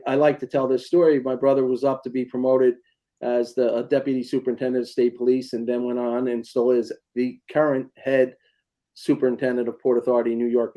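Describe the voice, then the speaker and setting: A man with a mellow, dark-toned voice hosts a casual radio interview. He rambles through emotional family stories and loose questions. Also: mid-range voice. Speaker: radio show host.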